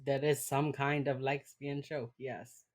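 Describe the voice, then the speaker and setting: Low-voiced woman with a Miami Cuban accent. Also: level tone, a little slow. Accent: Miami Cuban-American. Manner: laid-back, lots of fillers and swearing. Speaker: podcast co-host. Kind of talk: casual chat recapping an episode.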